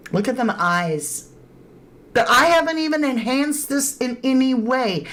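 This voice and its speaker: Slow-talking woman hosting a crime livestream. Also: fairly high pitch. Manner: chatty, greets viewers by name, emphatic asides. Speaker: true crime livestream host. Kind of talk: casual live-stream commentary. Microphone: webcam or phone on camera.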